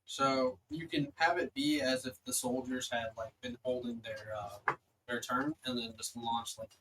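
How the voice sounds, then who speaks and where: A man at a middle pitch narrates a tabletop battle as game master. He talks loosely, full of fillers and small restarts, with a faint hiss of noise behind him. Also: steady tone, normal speed, fairly bright tone, poor audio.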